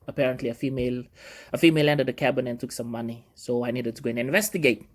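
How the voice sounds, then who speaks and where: A man's voice: mid-range voice, very fast. A man who works in cruise ship security, telling stories in a casual, rambling monologue full of fillers.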